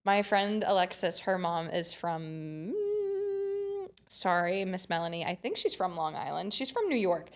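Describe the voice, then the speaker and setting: Young woman cohost, bubbly and giggly, mid-pitch voice, just chatting. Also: very animated, a little slow. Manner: upbeat, giggly, enthusiastic about pop culture. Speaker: podcast co-host. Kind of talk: casual chat.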